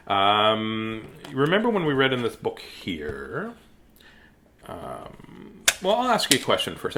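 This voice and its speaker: A man who hosts a children's reading show, speaking gently and earnestly to young viewers about kindness, with pauses and filler words. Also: fairly low pitch, slight background noise. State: choked up. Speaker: children's story reader and host. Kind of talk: reading aloud to kids, then heartfelt talk.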